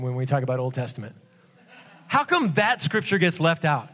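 A male pastor giving a casual sermon, conversational and jokey with quick asides. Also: medium pitch, big pitch swings, fairly bright tone. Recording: long hall reverb.

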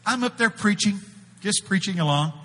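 A man preaching a sermon, telling folksy stories and breaking out to shout quoted prophecies before dropping to a hush. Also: high voice, normal speed, long reverb tail. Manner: animated, folksy, shouts out quoted prophecies, swings between loud and hushed. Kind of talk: sermon with storytelling. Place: church.

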